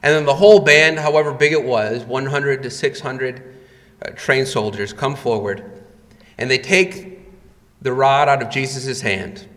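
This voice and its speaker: A man's voice: mid-range voice, measured pace, fairly bright tone. A man preaching a sermon, retelling scenes dramatically and rising in volume for quoted cries. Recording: long reverb of a hall.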